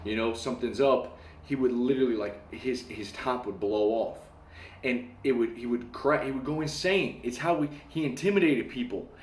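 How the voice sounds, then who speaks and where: A young man in a casual storytelling monologue, animated, swearing casually and acting out the voices of people in his story. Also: mid-range voice, normal speed. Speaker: self-help talker. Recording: echoey room.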